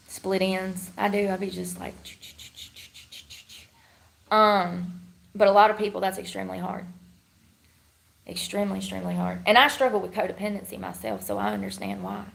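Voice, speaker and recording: A woman's voice: medium pitch, creaky. A woman chatting casually with her livestream viewers in a blunt, rambling, slangy way.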